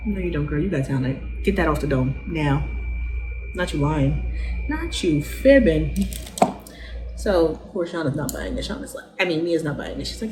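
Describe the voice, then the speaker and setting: A young woman vlogger with a slightly low voice talks through a TV episode like she's gossiping with a friend. She is animated and slangy and breaks into laughs often, and a faint hiss of noise sits under her voice. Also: normal speed, poor audio. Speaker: vlogger reviewing a TV show. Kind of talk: casual episode recap.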